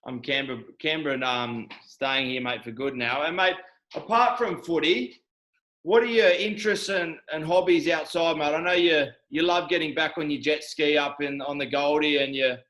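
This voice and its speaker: A man's voice: on the high side, steady tone, a bit bright, low-quality recording. Chummy Australian young man hosting. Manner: chummy, says mate constantly, halting. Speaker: host. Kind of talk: casual video call chat. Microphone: video call.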